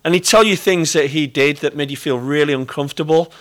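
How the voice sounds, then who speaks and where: Preaching earnestly yet conversationally, a middle-aged man from Britain with a British English accent keeps returning to key phrases. His voice is a little high and his delivery brisk.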